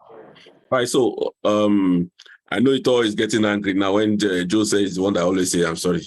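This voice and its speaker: A low-voiced man runs an online class on marriage. He teases the participants, laughs easily and repeats his points to drive them home. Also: steady tone, normal speed. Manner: laughs often, teasing, repeats phrases.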